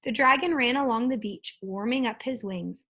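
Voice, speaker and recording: A woman reading a children's book aloud, with steady, expressive storytelling. Her voice is on the high side and noticeably breathy. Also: normal speed. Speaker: storybook reader.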